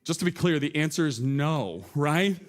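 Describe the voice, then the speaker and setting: A man's voice: a little high, lively intonation, normal speed. A man preaching a sermon from a church stage, earnest and conversational, asking the congregation questions. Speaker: pastor.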